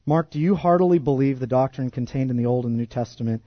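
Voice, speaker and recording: A male pastor preaching a sermon, animated and shifting from loud emphasis to hushed intensity. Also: medium pitch, quick pace, no echo, dull audio.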